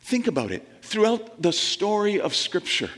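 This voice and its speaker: An earnest male pastor preaching a sermon, his voice sitting a little higher than most men's. He slows down and sinks low on the scripture lines, then lifts for emphasis. A long reverb trails after his words in a large room. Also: very animated, fairly bright tone.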